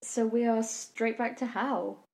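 A woman running a tabletop game, giving short, matter-of-fact rulings on the players' rolls. Her voice sits a little high. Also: fairly even intonation, a little slow, very noisy. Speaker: game master.

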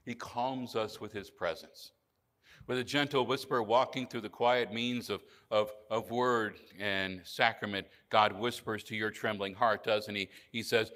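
A male pastor preaching a sermon in an earnest manner, often dropping to a soft, low voice for emphasis. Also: steady tone, measured pace. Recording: church hall reverb.

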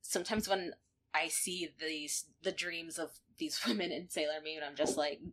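A woman co-hosting a podcast, recapping episodes in casual chat, animated and quick to laugh. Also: low voice. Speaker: podcast co-host.

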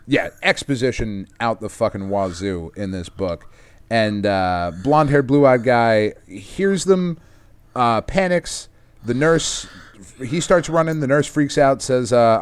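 A Texan man hosts a podcast and recaps a comic book in a loose, rambling, profane style of casual chat. His voice is medium-pitched with lively intonation, and he talks a little slowly.

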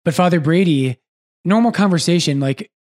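A man who is a priest and podcast host, chatting casually and with animation, often breaking off to correct himself. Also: fairly high pitch. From United States. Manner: animated, quick asides, self-correcting.

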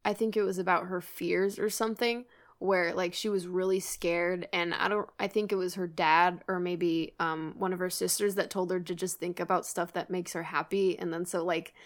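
A young woman co-hosts a podcast, chatting casually, gushing and giggling, and cursing occasionally. Her voice is fairly low and steady, moving at a normal speed.

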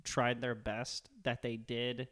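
A man's voice: mid-range voice, flat delivery, takes it slowly, a bit bright. A young man co-hosting a podcast, joking and rambling with lots of swearing. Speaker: podcast co-host. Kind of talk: casual profane chat.

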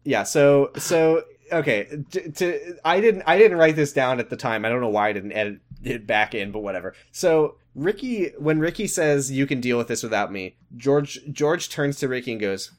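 Animated man recapping a show. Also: mid-range voice, normal speed, hardly any pauses. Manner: animated retelling with mocking voices for quotes. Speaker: podcast co-host. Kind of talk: casual recap chat.

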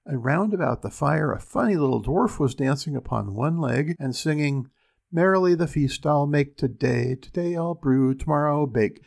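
A man voicing a weary royal messenger recounting his journey in a storybook reading, with a husky voice. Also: mid-range voice, a little mellow.

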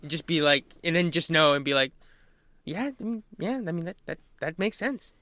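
A man co-hosting a casual sports podcast, rambling and swearing, acting out quotes in loud bursts. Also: on the high side, lively intonation, moderate pace, no room sound. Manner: rambling, profane, acts out quotes loudly. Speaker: podcast co-host.

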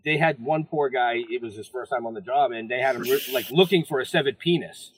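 Husky man telling a story. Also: medium pitch, fairly quick, poor audio. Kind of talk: casual chat.

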